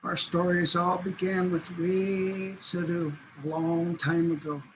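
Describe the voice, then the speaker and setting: A man telling a traditional animal story aloud in a slow, deliberate way. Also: high voice, level tone, a little hiss or hum, poor audio. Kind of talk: oral storytelling.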